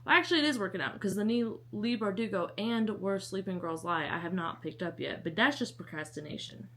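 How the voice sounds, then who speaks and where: A woman's voice: mid-range voice, a little fast, fairly bright tone, a little hiss or hum. A young woman chatting casually to camera as a book vlogger, rambling and joking at her own expense. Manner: chatty, self-mocking, rambling asides.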